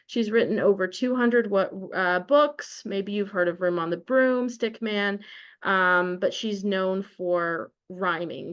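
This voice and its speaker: A young woman with a mid-range voice hosts an online book study group, recorded with lo-fi sound. She's chatty and casual, with plenty of fillers and restarts.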